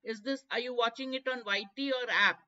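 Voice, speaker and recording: A woman's voice: fairly high pitch, a little fast, bright, forceful tone. A woman with an Indian English accent teaching a live online exam-prep class, explaining step by step and mixing in bits of Hindi. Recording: dull lo-fi stream audio.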